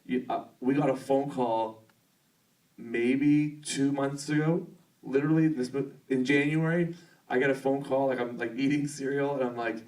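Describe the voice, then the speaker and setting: A man on a premiere Q&A panel, telling a story in a rambling, excited way full of fillers. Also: medium pitch, moderate pace. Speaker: filmmaker on a Q&A panel. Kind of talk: casual storytelling answer. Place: theater at a film premiere. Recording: distant mic in a venue.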